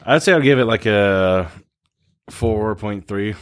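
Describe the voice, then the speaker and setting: A man's voice: lowish voice, slow pace. A man hosting a podcast, chatting about a film in a laid-back way and signing off the show. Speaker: podcast host. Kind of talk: casual film review chat.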